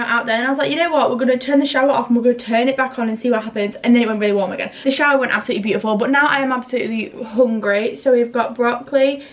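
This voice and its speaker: Chatty young woman vlogging at home. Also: on the high side. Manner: chatty, self-mocking, rambling story times. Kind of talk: casual chatty vlog. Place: her bedroom and kitchen at home.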